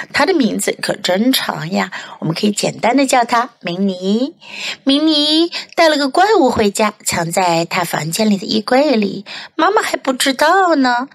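A woman teacher reading a picture book aloud, following each line with a translation. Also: fairly high pitch. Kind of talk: bilingual storybook reading.

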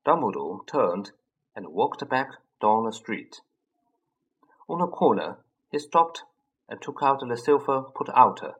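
A man narrates a storybook in an unhurried, measured way. His voice is slightly husky, and his pitch rises and falls with lively expression. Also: low-quality recording. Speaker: audiobook narrator. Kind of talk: scripted narration.

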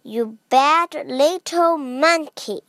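Here is a flustered pizza shop man from a children's storybook, voiced by a woman reading aloud. The lines come slowly, with a pitch a little high for a man. The voice sounds dry and close, and her first language is Chinese. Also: fairly bright tone, dry recording, heavily acted. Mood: relieved.

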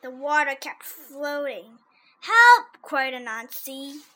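Slow, high-voiced woman reading a story. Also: sharp tone. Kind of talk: reading a children's story aloud.

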